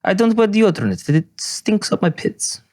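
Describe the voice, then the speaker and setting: A man's voice: sits high, very animated, normal speed, darkish tone, dry recording, clean studio sound, pitched above the performer's own voice. A man putting on a goofy, exaggerated stereotyped Frenchman for a joke. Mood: mocking. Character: mocking stereotyped Frenchman, male adult.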